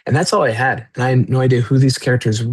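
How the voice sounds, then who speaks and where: A man, an author, reading his own novel aloud in a measured way, then talking freely with many fillers and restarts. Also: medium pitch, no room sound.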